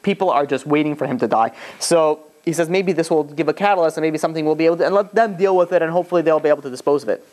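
Quick rabbi guy telling an old story, lots of "you know", acts out the lines. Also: a little high. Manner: lively retelling that acts out the characters' quoted lines; loose and conversational, often saying "you know". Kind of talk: storytelling lecture.

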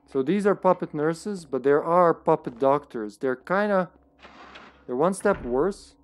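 A man streaming a horror game, talking casually to himself as he plays, often trailing off into quiet mutters. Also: on the high side, lively intonation, a little slow, faint music behind. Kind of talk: casual gameplay commentary.

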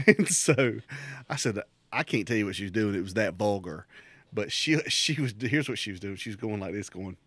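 A man's voice: fairly low pitch, brisk, fairly bright tone, no room sound. A middle-aged man co-hosting a podcast, telling a rambling, crude workplace story in casual chat and laughing often. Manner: crude, joking. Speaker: podcast co-host.

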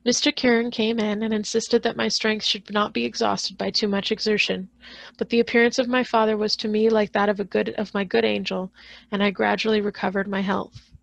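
A woman librarian reading a classic novel aloud in a steady, measured way, with the odd small slip. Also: mid-range voice, creaky, no echo.

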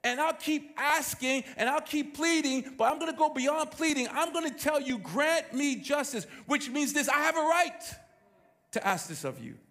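A man's voice: very high-pitched, animated, moderate pace, a bit bright, voice pushed up, exaggerated voice. A man voicing an insistent widow pleading for justice, told within a sermon. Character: persistent pleading widow, adult woman. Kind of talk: sermon storytelling.

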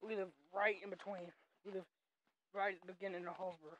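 A young woman with a Southern US accent, walking around her family farm outdoors, rambling and excitedly calling to her animals while filming on a handheld phone. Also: medium pitch, fast talker, lo-fi sound, a little hiss or hum. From North Carolina, USA. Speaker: vlogger. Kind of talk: casual walking vlog.

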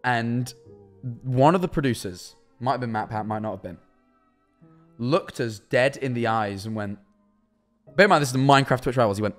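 A young man chatting on a live stream from his kitchen, telling a rambling, animated story and answering chat. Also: medium pitch, a little fast, faint music behind. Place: kitchen at home.

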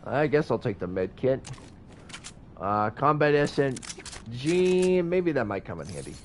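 A man's voice: mid-range voice, very animated, a little slow, a little hiss or hum. A man giving casual let's-play commentary on his game from his home setup, chatty and self-deprecating, his voice sounding slightly stuffy. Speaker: gaming YouTuber. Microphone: streaming from a game console.

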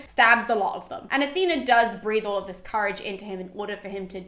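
A woman's voice: a little high, brisk, hardly any pauses. Chatty woman retelling an epic. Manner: chatty and animated, heavy use of "like", frequent laughter. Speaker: host of an educational classics series. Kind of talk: casual explanatory retelling. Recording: roomy echo.

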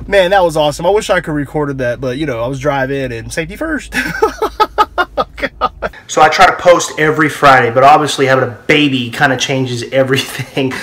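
A man's voice: high-pitched, a bit bright. A young man vlogging in a casual, rambling way, laughing often and cutting himself off mid-thought. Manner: chatty, laughing, self-interrupting.

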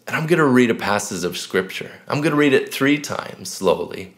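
A man giving church announcements in a relaxed, conversational way, then slowly leading a scripture meditation. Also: medium pitch. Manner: relaxed and conversational, slow and measured when reading scripture.

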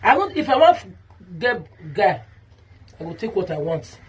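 A woman with a Nigerian Pidgin English accent delivers a heated vlog rant, circling back to the same points again and again. Her voice is deeply husky and breathy, sitting at a middling pitch. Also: very animated, measured pace. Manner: heated, repetitive, calls out someone by name. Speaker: vlogger. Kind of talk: ranting vlog monologue.

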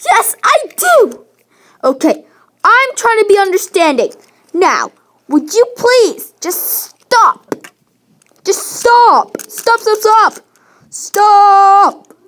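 A woman voicing a spoiled girl dog who is quick to anger and shrill when upset. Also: big pitch swings, fairly bright tone, exaggerated voice. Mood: angry.

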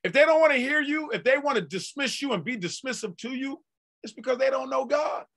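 A male pastor preaches in a folksy, conversational way that bursts into shouted peaks and drawn-out emphasis. His voice is very high and expressive.

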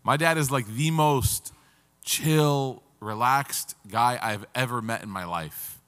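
A man's voice: mid-range voice, slow, a bit bright. A man giving a casual, story-filled religious lecture, with humor and rising emphasis. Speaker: religious teacher. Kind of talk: conversational lecture. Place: lecture hall. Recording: reverberant hall.

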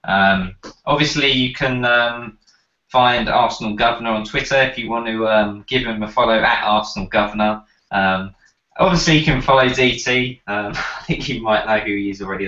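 A man hosting a debate speaks in a low, bright and forceful voice. He stalls on lots of ums as he wraps up. The room is echoey and the audio is muffled. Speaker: debate host. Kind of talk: show wrap-up.

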